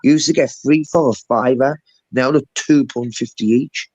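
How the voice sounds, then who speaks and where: A man's voice: medium pitch, moderate pace, a little mellow, no echo, dull audio. A boastful man on a casual live panel chat who talks over the others. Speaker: panel guest.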